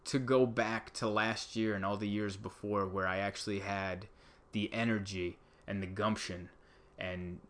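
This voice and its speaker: Rambling exasperated man. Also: a bit bright. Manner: exasperated, rambling, jumps into high mock outbursts. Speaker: comedian host. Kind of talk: casual comedic monologue.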